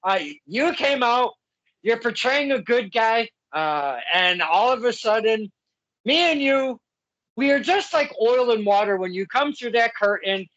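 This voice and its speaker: A man's voice: very high voice, a little slow. A man hosting a casual interview, telling stories with lots of laughs and acting out the other side of the talk. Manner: animated storyteller, acts out quotes, laughs often. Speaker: podcast host. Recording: dull lo-fi sound.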